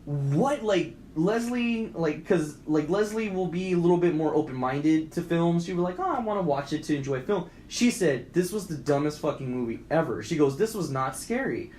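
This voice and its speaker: A man's voice: lively intonation, moderate pace, hardly any pauses, a little mellow. A young man co-hosting a podcast, ranting casually about a movie in a rambling, profane way. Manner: rambling, profane, acts out quoted lines in a higher voice. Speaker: podcast co-host. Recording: echoey room with faint background noise.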